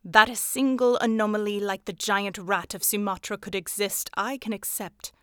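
A woman voicing a calm, precise Victorian male detective who speaks in a measured, lecturing way. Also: medium pitch, clear, resonant tone, dry recording, clean studio sound, lightly acted. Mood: grave. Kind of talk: audiobook character voice.

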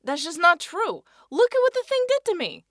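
Woman doing a lying villain man, loud and pleading, dry storybook read. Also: medium pitch, very animated, moderate pace, no echo. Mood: defensive. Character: lying, defensive grown man, menacing.

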